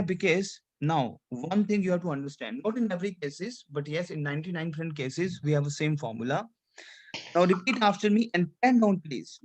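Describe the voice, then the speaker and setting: A man teaching French pronunciation in a lesson, repeating points and checking that his student follows. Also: high voice. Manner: repetitive, drilling the student, frequent checks for understanding. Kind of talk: classroom lesson.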